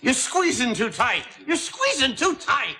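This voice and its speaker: A gruff, sarcastic sitcom dad cracks wise from a hospital bed. The clip is noisy, like an old TV broadcast, and his pitch swings widely between jabs. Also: very animated, unhurried, heavily acted. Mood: grumpy. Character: grumpy wisecracking dad in hospital.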